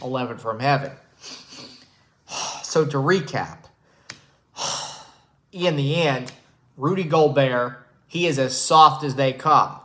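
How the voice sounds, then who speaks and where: A man doing a comedic impression of an older male sports debate pundit, brash and contrarian, talking slowly with heavy sighs. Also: mid-range voice, sharp tone, low-quality recording. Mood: boastful. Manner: slow, drawn-out delivery with heavy sighs and dramatic pauses.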